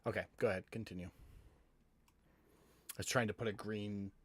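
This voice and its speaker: A man narrating as game master of a tabletop game, calmly describing the scene. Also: lowish voice, measured pace, husky. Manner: calm, descriptive scene-setting.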